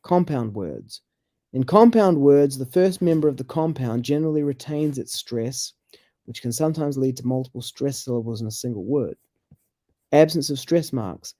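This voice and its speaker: An expressive, warm, medium-pitched male voice comes through at normal speed with no room sound. He's a co-host on a scripture study show having a casual pronunciation chat about word stress, reading explanations aloud and exclaiming in curious surprise.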